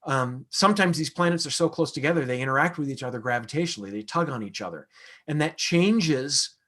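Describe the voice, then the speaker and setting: A man's voice: medium pitch, expressive, brisk, bright, forceful tone. A man, an astronomer, answering audience questions in a casual, conversational lecture with frequent fillers and restarts.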